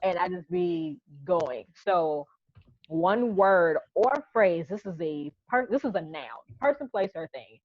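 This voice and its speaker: A woman's voice: fairly low pitch, a little slow, no echo. A woman from Charleston with a Charleston accent, co-hosting a casual chat podcast and telling stories animatedly. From Charleston, South Carolina. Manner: animated storyteller, spells words out. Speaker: podcast co-host. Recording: dull lo-fi sound.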